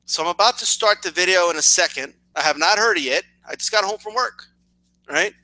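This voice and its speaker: Sarcastic male reaction host, high voice that swoops widely, stuttering restarts. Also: a little fast, poor audio. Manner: mocking, animated, frequent restarts.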